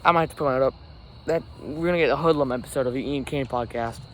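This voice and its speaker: Heavy background noise, including insects and crickets, surrounds a podcast host recording himself on camera outdoors by a forest. His mid-range voice moves at a quick pace as he rambles and corrects himself in a casual solo show.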